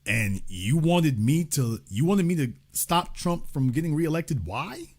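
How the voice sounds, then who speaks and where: Man, middle-aged commentary host, sarcastic and taunting, lively swooping delivery, slightly high voice. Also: a little slow. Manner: emphatic, sarcastic, taunting, swings between loud outbursts and low asides. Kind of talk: heated political monologue.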